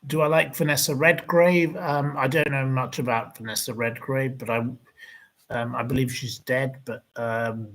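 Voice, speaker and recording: A man's voice: medium pitch, flat delivery, normal speed, a bit bright, rough recording. A man hosting a livestream, ranting indignantly and rambling as he answers viewer comments. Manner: indignant, rambling, repeats insults.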